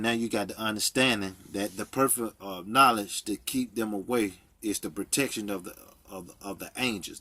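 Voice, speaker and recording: A man's voice: lowish voice, fairly bright tone. A man teaching a Bible study, reading verses aloud and explaining them, checking in with frequent "okay?" and "all right?". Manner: reads scripture slowly, explaining with frequent "okay?".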